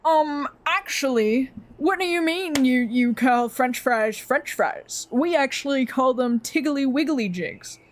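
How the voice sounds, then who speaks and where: Snooty know-it-all, slow and smug, raised pitch, put on by a woman streamer. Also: animated, a little hiss or hum. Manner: slow, smug, drawn-out mockery. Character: snooty know-it-all European person, mocked.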